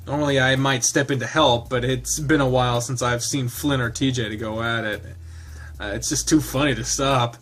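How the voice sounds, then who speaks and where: Male game reader, chatty and laughing, middle pitch. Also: steady tone, moderate pace, fairly bright tone. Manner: chatty, laughing, lots of fillers. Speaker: game streamer. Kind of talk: reading a visual novel aloud with casual commentary.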